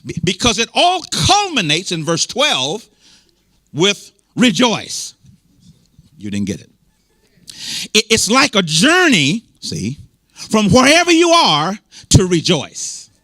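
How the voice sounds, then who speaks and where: Casting note: American man, bishop, high bright voice, preaching with emphatic repetition and asides to the congregation. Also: huge pitch swings, takes it slowly, pauses often, no echo, studio quality. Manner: emphatic and repetitive, restating points and bantering with the congregation. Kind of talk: sermon. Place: church service. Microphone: microphone.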